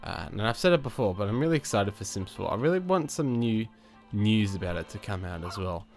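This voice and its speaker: A man's voice: fairly low pitch, lively intonation, a little fast, a little mellow, faint music behind. A man with a stuffed-up cold, casually commenting on his life-sim game with lots of fillers, restarts and chuckles. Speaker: gaming channel host. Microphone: new desk microphone.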